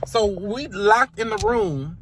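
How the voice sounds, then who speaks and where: A woman's voice: a little high, huge pitch swings, slow pace, gravelly, fairly bright tone, slight background noise. A woman telling a dramatic story to the camera in a casual vlog, sassy and profane, calling her listeners honey and child. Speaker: storytime vlogger.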